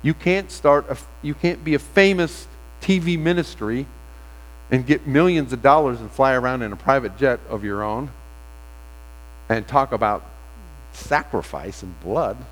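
A man pastor giving a sermon, telling a story in a conversational way with pauses. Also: medium pitch. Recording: long reverb of a large hall.

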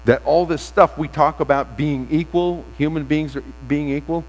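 Brief: male pastor, mid-pitched, relaxed story-led sermon, big hall reverb. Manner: conversational storytelling with frequent pauses. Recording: long reverb of a large hall.

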